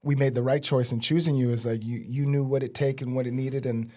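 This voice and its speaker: A man's voice: mid-range voice, steady tone, a little fast, mellow. A middle-aged man, a teacher and program director, hosting a casual interview with an upbeat, encouraging manner and many fillers.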